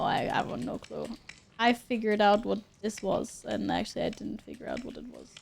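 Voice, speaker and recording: A young woman with a high voice talks her way through a live game stream. She reacts on the spot, cursing and yelling at the game when things go wrong. Her commentary is loose, chatty and addressed to her viewers. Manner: reactive, swears and exclaims often.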